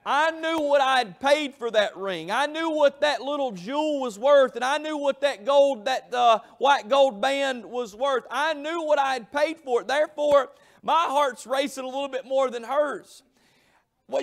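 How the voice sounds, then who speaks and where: High-pitched, gravelly preacher. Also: male voice. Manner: storytelling, emphatic, drawn-out phrases. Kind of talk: Southern revival sermon. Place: church sanctuary.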